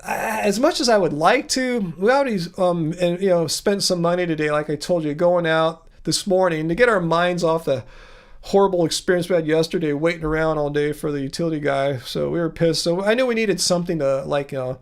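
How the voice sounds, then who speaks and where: A man's voice: on the high side, a little fast. A man hosting a casual livestream, reading viewer comments aloud and answering them in a rambling way, with many restarts and fillers. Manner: chatty, reads viewer comments aloud and replies. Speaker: livestream host answering chat.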